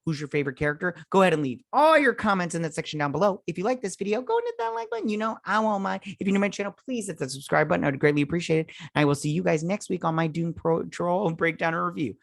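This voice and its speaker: A man's voice: fairly high pitch, gravelly, dry recording, studio quality. A man hosting a TV review channel, giving a casual spoken recap and review, rambling loosely and searching for words mid-sentence.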